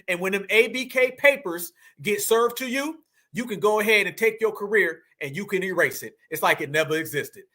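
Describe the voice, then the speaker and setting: A man's voice: high voice, normal speed, sharp tone. A man from the United States giving a heated, profane commentary monologue full of slang and emphatic repetition. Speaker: commentary channel host.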